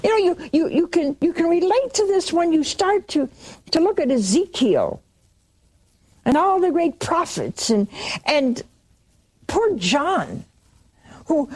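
A woman preaching, retelling a saint's vision with quoted dialogue and halting restarts. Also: sits high, a little mellow. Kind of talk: sermon storytelling.

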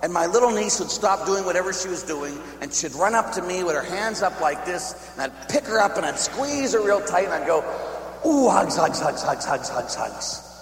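A priest from Pittsburgh preaching a storytelling sermon, swinging from shouts to hushed, near-whispered lines and tagging his sentences with "huh?". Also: high-pitched, lively intonation, a little fast, hardly any pauses. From Pittsburgh, USA. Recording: echoey hall with faint hum.

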